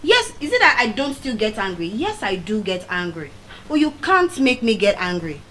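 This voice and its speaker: A middle-aged woman with a Nigerian accent, giving a motivational speech as animated storytelling and repeating key phrases for emphasis. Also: mid-range voice, normal speed, slight background noise, low-quality recording. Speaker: motivational speaker. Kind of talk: public speech.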